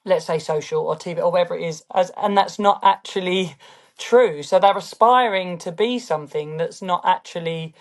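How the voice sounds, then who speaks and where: A woman's voice: lowish voice, moderate pace. A woman with a London accent, chatting casually as an interview guest and often asking "do you know what I mean". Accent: London English. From London, England. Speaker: guest, fashion brand founder.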